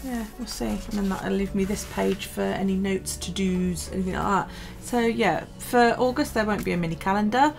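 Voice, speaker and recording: This British vlogger's mid-range, gravelly voice runs at a moderate pace with hardly any pauses, faint music playing behind. Tired and yawning, she chats casually over a journaling video, rambling through many ums and restarts.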